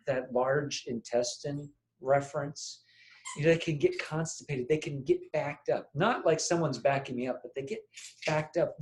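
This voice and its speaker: A man's voice: a little high, noisy background. Playful man teaching in an echoey room. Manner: playful, varies his voice to demonstrate phrases. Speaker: meditation teacher. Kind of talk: guided group workshop.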